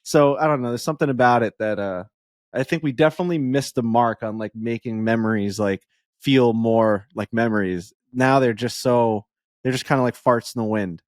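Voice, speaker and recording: A man chatting on a podcast, animated and full of "like"s, bouncing through a story. His pitch sits in the middle of the range. The sound is dry and close, with no room around it. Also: normal speed, dry recording. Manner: animated storyteller, filler-heavy, acts out quotes. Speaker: podcast co-host. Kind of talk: casual chat.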